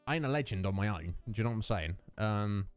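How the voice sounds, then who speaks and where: A man's voice: on the low side, animated, fast, clear, resonant tone, faint music behind. A young man hosting a casual stream, rambling with lots of fillers and self-mocking asides. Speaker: livestream host. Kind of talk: casual chat with viewers.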